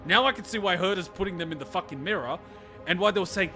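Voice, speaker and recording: A man reacting to a game story, ranting and swearing heavily. His voice sits high and bright, and game music plays faintly behind him. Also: fast talker. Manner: excitable, heavy swearing, ranting. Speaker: reaction streamer.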